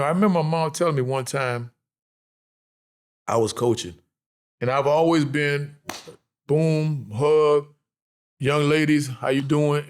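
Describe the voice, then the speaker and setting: A man in his fifties, a basketball coach, telling stories earnestly in a candid interview. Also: on the high side. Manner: earnest, animated storytelling with casual speech.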